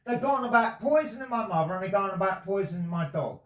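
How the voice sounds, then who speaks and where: Man, high animated voice, rambling and insistent; recorded off-mic in an echoey room with faint noise. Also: fast, far from the mic. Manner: rambling and insistent, repeats himself. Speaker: resident talking to a visitor. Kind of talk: casual conversation. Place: indoors at his home.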